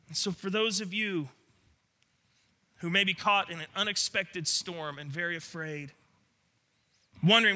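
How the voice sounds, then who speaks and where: A man's voice: high voice, unhurried, long pauses, sharp tone. A man preaching a sermon, earnest and emphatic, often restarting his words. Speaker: pastor.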